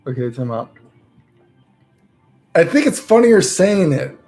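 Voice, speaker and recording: A man streaming live, trying to read aloud and repeatedly breaking into helpless laughter, speaking slowly and haltingly between fits. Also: on the high side, sing-song, dark tone, faint music behind.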